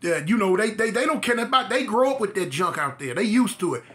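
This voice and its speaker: A man from Los Angeles tells a comic tale about himself, leaping between voices with lively, exaggerated delivery. His tone is bright and pushed forward, and his pitch swings widely from line to line. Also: fast. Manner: animated, acts out voices, exaggerated. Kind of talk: comic storytelling.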